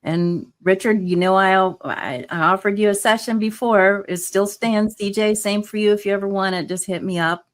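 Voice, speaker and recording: A woman's voice: medium pitch, normal speed, few pauses. A woman guest in a casual interview, talking earnestly and enthusiastically with many fillers. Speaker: guest, hypnotherapist.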